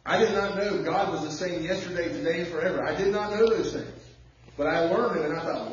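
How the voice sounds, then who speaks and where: Male pastor, fairly high voice, folksy storytelling sermon, recorded from far back in a very echoey church with dull sound. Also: slight background noise. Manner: conversational preaching with personal stories, drawling slow emphasis.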